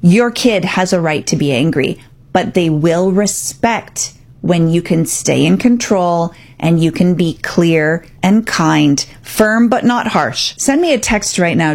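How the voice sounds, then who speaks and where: A woman's voice: fairly low pitch, a little mellow. A woman hosting a radio talk segment as a parenting coach, speaking directly and emphatically. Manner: direct, emphatic, acts out parent and child quotes.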